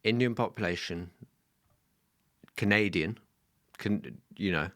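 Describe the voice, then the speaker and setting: A man co-hosting a comedy podcast, teasing and laughing in animated banter. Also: lowish voice, takes it slowly, no echo, studio quality. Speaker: podcast co-host. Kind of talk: casual comedy chat.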